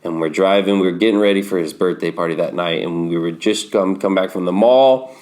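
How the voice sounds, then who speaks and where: A man in his thirties with a fairly low voice shares his story as a podcast guest. He speaks candidly and vividly, slipping into the voices of the people he quotes. His delivery stays conversational and unscripted. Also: a little fast, darkish tone. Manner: vivid storyteller who acts out remembered dialogue.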